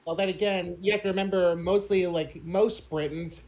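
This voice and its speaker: A man co-hosting a movie watch-along, matter-of-fact and quick to correct details. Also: high-pitched, fairly even intonation, a little mellow, low-quality recording. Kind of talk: casual chat.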